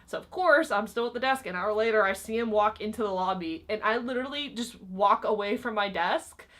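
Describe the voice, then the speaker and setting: In a medium-pitched, fairly bright voice and at a slightly quick pace, a young woman vlogger chats to camera about her old job. Her storytelling is loose and casual, packed with fillers like "um" and "like."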